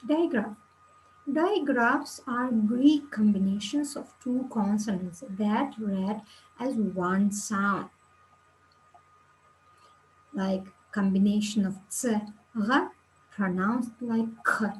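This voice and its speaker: A woman teaches Latin pronunciation at a very slow, deliberate pace, spelling out each letter's sound before reading word examples. Her voice sits at a medium pitch, recorded as a plain lesson voice-over. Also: low-quality recording. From Kyrgyzstan.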